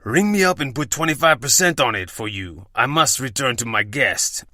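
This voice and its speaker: A man putting on a clumsy French accent to play a fussy, haughty male restaurant manager, speaking slowly. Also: medium pitch, lively intonation, bright, forceful tone, no room sound, clean studio sound. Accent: put-on French accent, done poorly.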